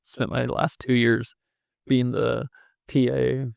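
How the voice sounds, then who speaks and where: A man who is a pastor chats in a loose, joking way. His voice has a gravelly edge. The sound is dry and close. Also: mid-range voice, flat delivery, slow pace, dry recording. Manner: playful, joking. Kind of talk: casual conversation.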